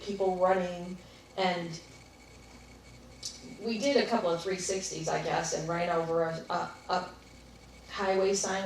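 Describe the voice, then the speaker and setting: A woman recounts a personal experience to a live audience, thoughtful and now and then laughing as she talks. Her voice rings through a very echoey room, picked up from some distance, with faint noise behind. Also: medium pitch. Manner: reflective, animated in parts, laughs while telling. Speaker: workshop speaker. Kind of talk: personal story in a talk to an audience.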